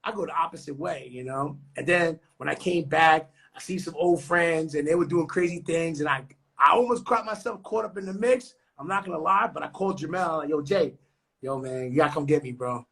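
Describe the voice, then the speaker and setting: A man's voice: fairly high pitch, fairly quick, gravelly, a bit bright, husky. A young man from New York talking on a podcast in a loose, slangy, profane way. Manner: slangy, profane, street talk. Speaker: podcast co-host. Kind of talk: casual podcast chat.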